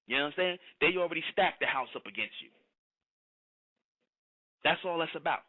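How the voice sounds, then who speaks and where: Preachy male commentator, somewhat high voice, thin phone-quality audio, lecturing nonstop. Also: animated, brisk, long pauses. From United States. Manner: lecturing, keeps asking "you understand?". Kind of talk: preachy monologue. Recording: tinny phone-like sound.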